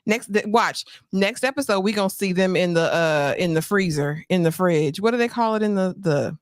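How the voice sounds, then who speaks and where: A woman hosting a live stream and chatting casually about a TV episode in an animated, teasing, slangy way. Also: lowish voice, moderate pace, no echo, studio quality. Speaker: host.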